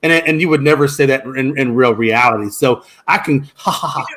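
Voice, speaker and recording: A man co-hosting a sports talk show, arguing his point with emphatic, animated delivery that jumps up at times. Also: medium pitch, fairly quick. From United States. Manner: animated, emphatic, rising to shouts. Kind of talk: casual sports debate.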